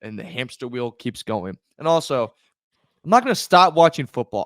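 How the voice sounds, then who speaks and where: A man co-hosting a sports podcast rallies loudly and energetically in casual chat. His voice is mid-range at a moderate pace, recorded dry with a clean studio sound.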